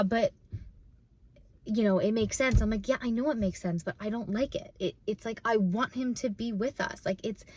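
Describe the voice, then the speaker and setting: A young woman vlogging from her parked car, talking in a rambling way with many fillers and restarts, close to tears. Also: on the high side. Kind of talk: casual emotional vlog.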